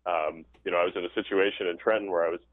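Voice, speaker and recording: A man's voice: sits low, steady tone, rapid-fire, no room sound. A man who works as a baseball play-by-play broadcaster, speaking easygoing and upbeat in a casual interview from a stadium press box. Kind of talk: casual interview over the phone. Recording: tinny phone line.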